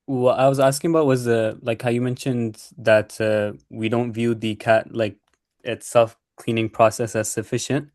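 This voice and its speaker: A man asking his teacher a question in a halting, hesitant way with fillers. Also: mid-range voice, little pitch movement, a little mellow. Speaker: student.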